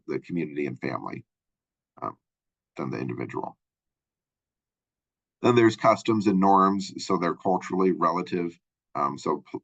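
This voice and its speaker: A middle-aged Minnesotan teaching a college class talks in a loose, meandering style, full of fillers like "um" and tag questions like "right?". His voice is very deep and husky, with a fairly bright tone. It's captured dry and dull on a lo-fi close mic without any echo.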